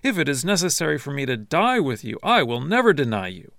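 A man's voice: medium pitch, sing-song, a little fast, vocal fry, no room sound, studio quality. A man reading the lines of Peter, an impulsive loyal disciple who speaks emphatically, in a scripture reading. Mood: insistent. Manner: emphatic, insistent.

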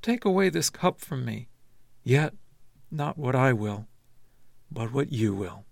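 A man reading the lines of Jesus as a calm, grave teacher in a measured, solemn scripture reading. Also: mid-range voice, vocal fry, no echo, heavily acted.

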